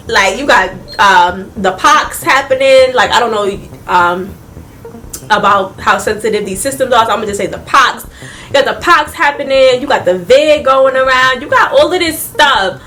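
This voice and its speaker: A young woman telling a casual storytime vlog, animated and laughing often, talking straight to her viewers. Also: a little high, normal speed, faint music behind. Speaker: vlogger.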